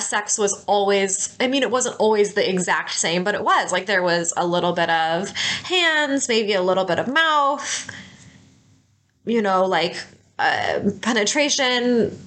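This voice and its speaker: A woman's voice: mid-range voice, expressive, measured pace, a bit bright. A young adult woman co-hosting a podcast with her husband, talking openly and emotionally with many fillers. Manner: open, emotional, heavy on filler words. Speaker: podcast co-host. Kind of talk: intimate couple's podcast chat.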